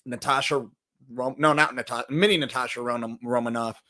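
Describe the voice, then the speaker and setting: A man's voice: mid-range voice, fairly even intonation, moderate pace, pushed and bright. A young man hosting a casual entertainment news show, rambling and joking, cursing now and then and trailing off into mumbles. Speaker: podcast host.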